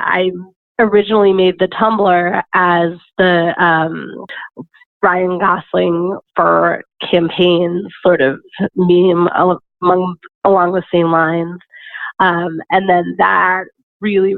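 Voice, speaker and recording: A woman's voice: lowish voice, flat delivery, slow pace, gravelly, dry recording. A woman guest answering interview questions in a rambling, hesitant way with many fillers. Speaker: guest, campaign worker. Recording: dry tinny phone-like line.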